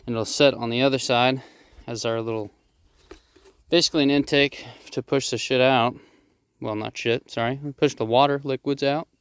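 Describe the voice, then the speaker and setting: A man casually explaining a DIY job as he works outdoors, rough-spoken, swearing freely and joking at his own expense. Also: mid-range voice, fairly even intonation, normal speed, dry recording. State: out of breath at times. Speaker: DIY vlogger. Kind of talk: casual how-to narration while working outdoors. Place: outdoors at a digging site.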